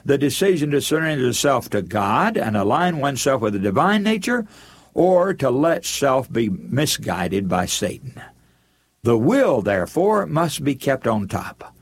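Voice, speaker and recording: A male preacher delivers an earnest sermon in a slightly husky voice. His pitch rises and falls freely as he speaks, and he turns to his listeners as friends. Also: big pitch swings, a little slow.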